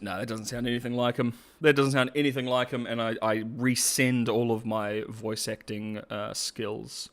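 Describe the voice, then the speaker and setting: A man's voice: mid-range voice, normal speed, few pauses. Man, Cockney accent, host, casual commentary, rambling, lots of restarts, laughs easily. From England.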